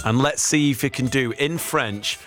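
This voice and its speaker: A man's voice: mid-range voice, moderate pace, over music. A man from England, hosting a radio show in playful, jokey banter. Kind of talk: casual radio chat.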